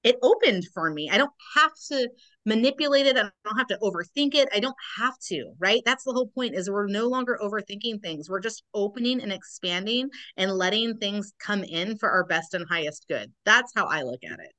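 Bright-voiced woman, earnest healer. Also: mid-range voice, expressive, fairly quick. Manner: earnest, affirming, spiritual wording. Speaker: guest, Reiki practitioner. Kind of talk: casual conversation.

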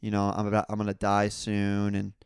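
A young man hosting a casual solo podcast, telling rambling stories full of crude jokes and swearing, and getting louder and higher when he is worked up. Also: completely flat delivery, fairly quick, smooth, no echo, studio quality. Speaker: podcast host.

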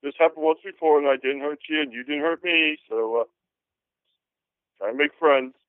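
Man voicing an easygoing skeleton adventurer, calm and reassuring, over a tinny dry line. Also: a little high, moderate pace, clean tone, no echo, close to an everyday voice.

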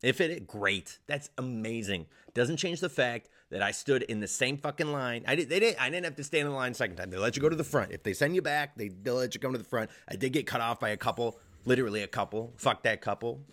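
A young male comedian ranting in a casual vlog, swearing often and jumping to loud, high peaks. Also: lively intonation, quick pace, hardly any pauses. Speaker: stand-up comedian.

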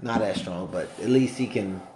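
A man in casual movie chat, talking in an animated, profane, rambling way. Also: lowish voice, normal speed, echoey room, a crowd in the background.

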